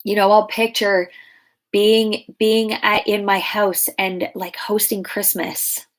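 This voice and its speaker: A woman in her thirties speaks slowly in a flat, medium-pitched voice. She's a life coach answering client questions in a casual Q&A, chatty and loose, full of fillers like "like" and "you know," with frequent restarts.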